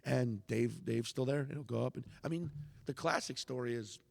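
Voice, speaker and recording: A man, a comedian, telling a story in casual conversation, animated and swearing freely, acting out the lines of the people in it. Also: mid-range voice, moderate pace, creaky, no room sound, big-room sound. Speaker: comedian guest.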